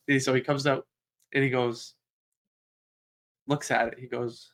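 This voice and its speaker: Animated young man telling stories. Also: mid-range voice, moderate pace, long pauses. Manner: animated storyteller, acts out quotes. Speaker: podcast co-host. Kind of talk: casual chat.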